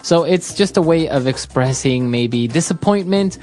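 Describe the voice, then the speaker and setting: Casting: woman with a very low voice, relaxed podcast teacher, soft music bed underneath. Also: normal speed. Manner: relaxed, prompting with frequent mm-hmms. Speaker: podcast host and English teacher. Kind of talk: casual teaching chat.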